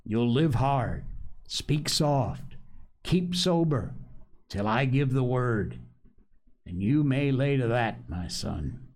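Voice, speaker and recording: Scheming old pirate cook, a man doing him, growly sea talk, lively ups and downs, takes his time. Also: mid-range voice, slow pace, voice pushed up. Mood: scornful. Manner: growling pirate dialect, lecturing. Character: old one-legged pirate cook, sly and scornful.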